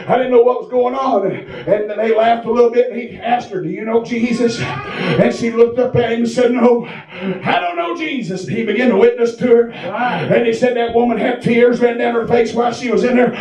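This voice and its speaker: A man preaching a fiery sermon in a church, shouting in a sing-song preaching cadence. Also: extremely high pitch. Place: church sanctuary. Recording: echoey church from far off.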